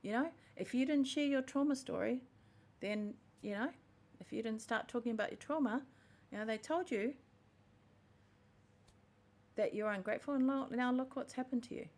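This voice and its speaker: Speaking at normal speed in a slightly high, slightly mellow voice, a woman hosts a podcast and reflects on personal matters. Her tone is heartfelt and earnest, with frequent self-corrections.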